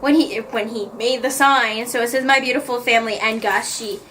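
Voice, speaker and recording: A woman's voice: fairly high pitch, steady tone, moderate pace, a bit bright, recorded from a distance, a little hiss or hum. A woman vlogger chatting in a gushing way about the notes she wrote in a book, often laughing. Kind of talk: casual chat, reading out her notes.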